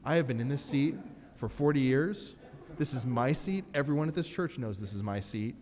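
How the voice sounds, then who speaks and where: A man's voice: medium pitch, expressive, normal speed, a little mellow, big-room sound, close to an everyday voice. Indignant little old church lady, as a preacher puts her on. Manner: scolding, insistent.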